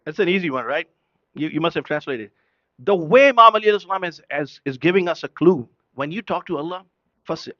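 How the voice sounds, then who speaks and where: A man's voice: on the high side, expressive, a little fast, bright, forceful tone, no echo, muffled recording. A man preaching an impassioned sermon at a mourning gathering. He fires off rhetorical questions and switches between English and Urdu.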